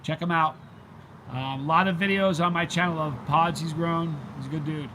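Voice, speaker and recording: Man, middle-aged, casual live-stream chat, rambling, slightly high voice, faint background noise. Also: fairly even intonation, normal speed, bright, forceful tone. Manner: rambling, easily sidetracked storyteller. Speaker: channel host reading live chat.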